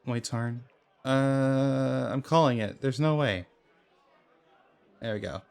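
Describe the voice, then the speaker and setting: A man playing a dice game in a video game, commenting casually and reacting loudly to close calls with laughs and swearing. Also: mid-range voice, slow pace, creaky, clean tone. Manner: reads in-game dialogue aloud in plain voice. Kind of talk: casual let's play commentary.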